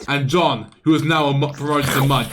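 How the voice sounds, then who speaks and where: A man streaming live, spinning a playful, improvised story over a game battle at a mid pitch. He stumbles and restarts often, with faint music running behind him. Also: brisk.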